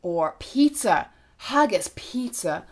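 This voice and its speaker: A woman's voice: mid-range voice, lively intonation, slow. A young Irish woman chatting casually to camera as a vlogger, gushing and now and then dropping to a whisper. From Ireland.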